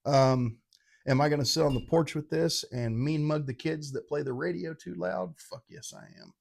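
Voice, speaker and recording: A man's voice: on the high side, normal speed, creaky, darkish tone. A middle-aged man giving a casual, rambling and irreverent whiskey tasting review, poking fun at himself. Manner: rambling, irreverent, self-mocking.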